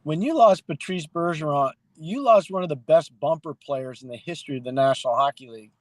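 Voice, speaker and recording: A middle-aged man co-hosting a hockey podcast, talking casually and telling stories with lively acted-out quotes. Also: fairly high pitch, fairly quick, dry recording. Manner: animated storyteller, acts out quoted people. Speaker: hockey analyst and podcast co-host.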